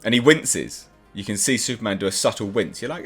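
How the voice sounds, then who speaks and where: A man with a fairly low voice chats eagerly through a TV episode review, his pitch and loudness jumping as he gets excited about the scenes. He talks in a loose, casual way and slips into short acted lines from the characters. Faint music plays under his voice. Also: a little fast, breathy edge. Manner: enthusiastic, chatty, acts out characters' lines. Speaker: TV reviewer, channel host.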